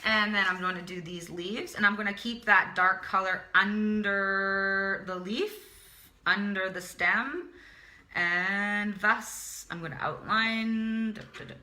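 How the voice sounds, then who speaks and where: An art teacher talks through a drawing tutorial as she works, her medium-pitched voice steady, slow, and sharp in tone, with a reverberant sound. She's chatty and encouraging, and repeats words to herself as she draws.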